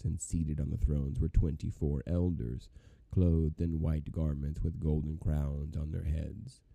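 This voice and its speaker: Male Bible reader: very low, dark and gravelly; solemn, measured scripture reading, dry sound. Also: no echo.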